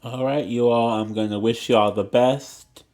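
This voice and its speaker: A man's voice: mid-range voice, fairly even intonation, normal speed, darkish tone. A man reading tarot cards on a livestream in a casual, rambling way, repeating himself and stumbling a little, his throat catching. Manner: rambling, repetitive, chatty with small stumbles. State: throat catching, slightly choked. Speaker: tarot reader.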